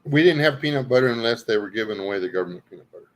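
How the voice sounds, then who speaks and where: A man's voice: medium pitch, animated, very fast, low-quality recording. A middle-aged man from Louisiana with a Southern accent, hosting a casual chat and telling rambling, folksy stories with frequent laughter. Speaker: host.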